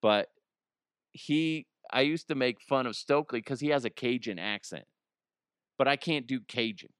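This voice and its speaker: A man's voice: mid-range voice, normal speed, fairly bright tone, clean tone, no echo, studio quality. A man hosting a podcast, rambling through a casual comedic monologue and laughing at his own jokes. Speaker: podcast host.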